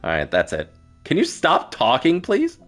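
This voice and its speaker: A confused, short-tempered young hero who yelps in sudden high bursts, as a man puts him on. His voice leaps wildly in pitch over faint music. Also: wildly swooping pitch, normal speed, a bit bright. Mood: startled. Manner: startled, high-pitched outbursts.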